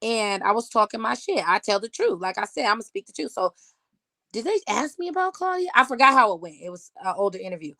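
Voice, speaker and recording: A woman's voice: a little high, big pitch swings, quick pace, sharp tone, no echo. Blunt, profane woman telling a heated story. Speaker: podcast guest. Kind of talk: casual chat.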